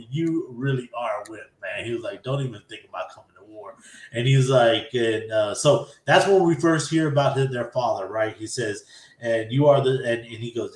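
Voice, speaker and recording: A man hosting a podcast, recapping an anime episode in a casual, animated way and acting out characters' lines. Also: mid-range voice, reverberant. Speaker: podcast host.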